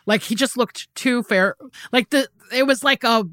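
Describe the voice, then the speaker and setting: A woman's voice: on the high side, normal speed, a bit bright, no room sound. A woman co-hosting a podcast in casual chat, rambling in sentences that trail off. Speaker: podcast co-host.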